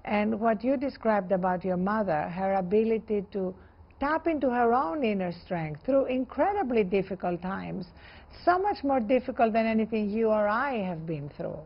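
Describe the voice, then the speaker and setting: A woman with a gravelly, fry-tinged voice answers in a conversational interview. She speaks earnestly and with emphasis, in measured phrases. The sound is slightly dull and muffled. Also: mid-range voice, animated. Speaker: interview guest.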